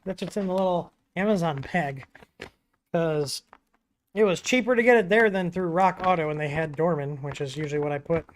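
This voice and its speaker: A man hosting a casual livestream Q&A, talking in a relaxed, chatty way with frequent ums and asides, from a home studio. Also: fairly high pitch, brisk, a little hiss or hum. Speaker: livestream host answering 3D printer questions. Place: home studio with dogs nearby.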